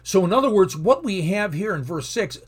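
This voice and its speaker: A man's voice: sits high, big pitch swings, brisk, husky. A man teaching from the Bible in an earnest sermon, reading verses aloud with rising emphasis.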